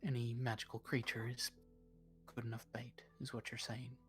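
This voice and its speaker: Man doing a threatening woman adventurer, whispered role-play, hushed and breathy, soft and low in level. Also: completely flat delivery, moderate pace, faint music behind, natural voice. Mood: probing. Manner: whispering close to a captive's ear.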